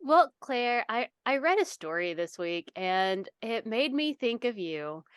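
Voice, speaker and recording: Woman cohost chatting, teasing and laughing a lot, clear smooth voice. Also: fairly high pitch, big pitch swings, a little slow, no echo, studio quality. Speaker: podcast co-host. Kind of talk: casual chat.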